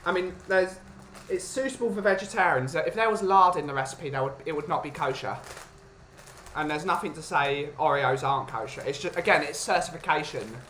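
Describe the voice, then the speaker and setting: A man's voice: a little high, brisk, a bit bright, a little hiss or hum. A man hosting a casual chat who jokes and rambles about food and culture. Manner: jokey, rambling. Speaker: host.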